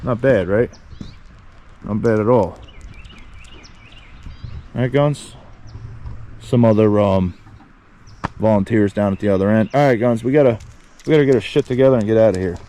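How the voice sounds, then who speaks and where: A man's voice: fairly low pitch, normal speed, pauses often, mellow, a little hiss or hum. A man talking casually to his camera outdoors by his truck, rambling with lots of fillers as he tells a story. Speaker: volunteer vlogger.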